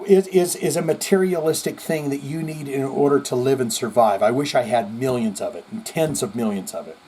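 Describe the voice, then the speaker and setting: A male podcast host reading viewer comments in casual, rambling commentary, animated and profane, jumping between loud outbursts and mutters. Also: mid-range voice, breathy edge. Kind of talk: casual live-chat commentary.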